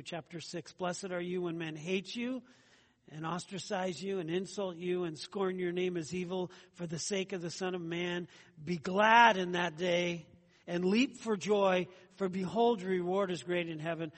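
A man with a high-pitched voice preaches an earnest sermon. He talks in a conversational way, repeating phrases and adding asides to the congregation. His voice rings with a long reverb, as in a church hall. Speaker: pastor.

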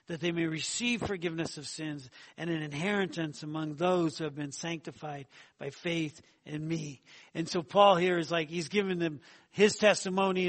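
A middle-aged man preaches a sermon in a high-pitched voice. His delivery is conversational and loose, with fillers and restarted phrases, and it swells into louder emphasis at key points. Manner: conversational, fillers and repeated words, rising emphasis.

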